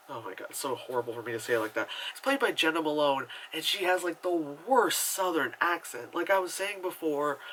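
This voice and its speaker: A man with a fairly high, bright, forceful voice, talking through a movie review in a loose, rambling way. He fills his talk with filler words and swearing and sounds exasperated and sarcastic. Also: a little hiss or hum, poor audio. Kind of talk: casual spoken movie review.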